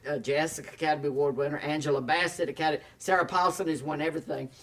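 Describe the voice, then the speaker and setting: Animated older Southern man telling stories. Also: fairly high pitch, rapid-fire, distant mic. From Tennessee. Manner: animated storyteller, acts out quotes, laughs often. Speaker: actor guest. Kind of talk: casual storytelling interview.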